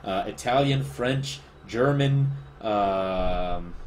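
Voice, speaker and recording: A man's voice: lowish voice, extremely slow, a little hiss or hum. A man with a Spanish accent, a livestreaming artist chatting casually, rambling and self-deprecating as he answers chat.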